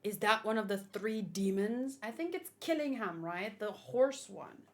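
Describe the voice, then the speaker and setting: A woman's voice: mid-range voice, expressive, a little slow. A woman hosting a manga read-along, chatting casually with playful, sarcastic asides.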